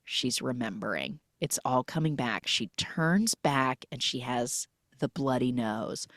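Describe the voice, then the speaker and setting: Low-voiced woman casually recapping a film. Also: unhurried, few pauses, dry recording, clean studio sound. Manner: chatty, animated retelling with many "like"s.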